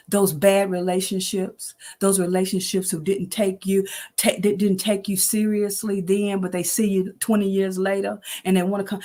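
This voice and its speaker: A woman's voice: medium pitch, steady tone, moderate pace, mellow. A woman in her sixties giving a preachy, familiar faith talk on a livestream, greeting viewers by name and laughing often. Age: 60s. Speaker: host of an online inspirational show.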